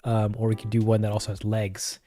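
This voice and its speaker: A man's voice: fairly low pitch, completely flat delivery, a little fast, warm tone. A man chatting casually and playfully while drawing live on stream, often laughing.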